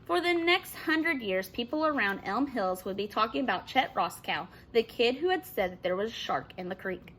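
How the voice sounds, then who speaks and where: A woman teacher reading a children's novel aloud with expressive narration. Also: fairly high pitch, moderate pace, hardly any pauses.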